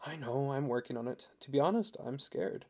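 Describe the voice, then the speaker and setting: A man reading a young wife's lines in a raised, playful voice, gentle and teasing. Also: medium pitch, brisk, gravelly. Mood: earnest.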